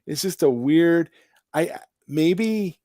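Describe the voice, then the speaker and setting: A man who is a guest on a casual chat show, speaking haltingly and repeating words as he works toward his point. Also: fairly high pitch, lively intonation, dark tone, dry recording, studio quality.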